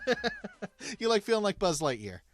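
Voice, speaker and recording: A man's voice: high-pitched, wildly swooping pitch, normal speed, soft background music. A man hosting a casual hockey podcast, easygoing and laughing along with his co-host. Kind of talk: casual sports podcast chat.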